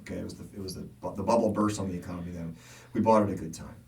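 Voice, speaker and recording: Middle-aged male podcast co-host, low voice, animated chatty storyteller, set back from the mic. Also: rapid-fire, creaky, distant mic. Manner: animated storyteller, laughs often, acts out quotes. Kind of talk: casual chat.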